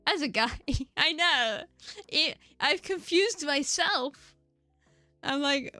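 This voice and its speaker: A woman streaming a game, chatting casually, giggly and rambling, with lots of upward inflections and a slightly croaky voice. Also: high-pitched, expressive, slow pace, sharp tone, dry recording, faint music behind. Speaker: VTuber streamer. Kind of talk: casual live-stream chat while gaming.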